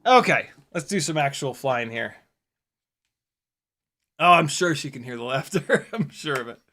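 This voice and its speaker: Young guy talking thru his drone flight, gets all excited and yells, bright lively voice. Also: a little high, measured pace. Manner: excitable, laughs and exclaims often, swears casually. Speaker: FPV drone pilot and video host. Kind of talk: casual running commentary while flying.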